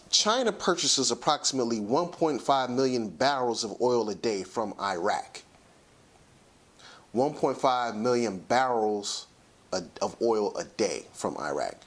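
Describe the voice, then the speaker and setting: Animated man lecturing on a talk show. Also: mid-range voice. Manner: lecturing, emphatic, slows down to stress points. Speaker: commentary show host. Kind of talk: solo talk commentary.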